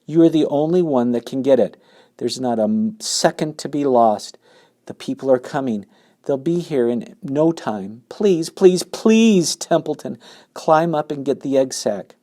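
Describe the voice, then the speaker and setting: A man's voice: mid-range voice, expressive, measured pace, warm tone, pitched above the performer's own voice, lightly acted. A man voicing a desperate, emotional young male pig who cries out and pleads. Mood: pleading. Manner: pleading, crying out.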